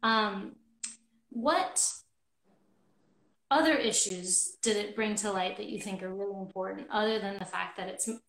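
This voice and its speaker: A woman hosting an online movie discussion, talking casually with many pauses and restarts. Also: medium pitch, fairly bright tone, reverberant, a little hiss or hum, poor audio. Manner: friendly, hesitant, many ums and restarts. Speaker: host of a movie discussion club.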